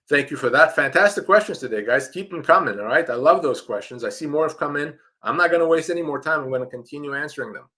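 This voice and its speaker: A man's voice: on the high side, expressive, quick pace, hardly any pauses, bright, forceful tone. Emphatic man giving live legal advice. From Canada. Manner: emphatic, direct, repeats key points. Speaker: employment lawyer hosting a live Q&A.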